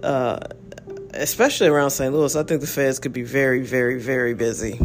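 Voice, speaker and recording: A man hosting a casual solo podcast, talking in a rambling, frank way full of fillers. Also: mid-range voice. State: yawning, relaxed. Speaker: podcast host.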